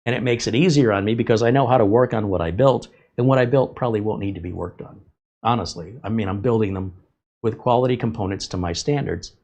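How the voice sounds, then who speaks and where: A man's voice: lowish voice, quick pace, darkish tone, dull audio. A man hosting a tech livestream, talking in a candid, emphatic, rambling way about his own mistakes. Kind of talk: casual livestream talk.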